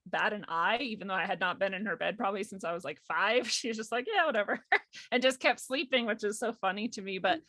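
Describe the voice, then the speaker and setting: A young woman recounts a personal story in casual conversation. Her voice is bright and forceful, and the sound is dry with no room around it. She laughs often and acts out the voices of the people she quotes. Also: medium pitch, fairly quick, dry recording. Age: young adult. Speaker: guest.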